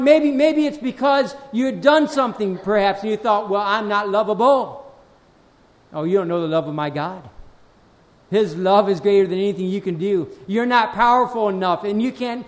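A man preaching a sermon, reading scripture slowly and with weight, then dropping low to speak directly to the congregation, often repeating phrases. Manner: slows and swells on scripture, drops low on asides.

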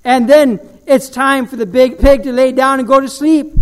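Male pastor, animated sermon storyteller, voice pitched very high. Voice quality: animated storytelling, with slow, dramatic drops to a low voice.

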